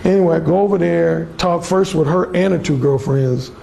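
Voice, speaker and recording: Brash dude with a high, gravelly voice cussing through stories, faint hiss behind. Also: male voice, normal speed, dark tone. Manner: bold, blunt, swaggering, lots of cursing. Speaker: dating coach speaking to a class. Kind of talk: profane storytelling lecture.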